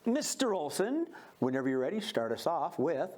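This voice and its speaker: A man's voice: a little high, sing-song, normal speed. A man hosting a live improv comedy show on stage, upbeat and chatty as he takes suggestions from the audience.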